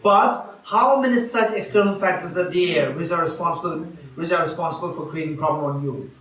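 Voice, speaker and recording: A man with a slightly high, fairly bright voice talks a little fast while leading an interactive Buddhist teaching, full of questions for the audience and repeated key phrases. The roomy retreat-hall sound comes from a distant mic.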